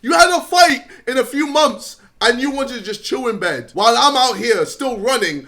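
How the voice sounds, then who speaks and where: High, bright-voiced man scolding bluntly. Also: animated, moderate pace. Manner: frank, scolding, swears freely. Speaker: YouTuber and musician speaking in a video clip. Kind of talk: blunt direct address. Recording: played from another video.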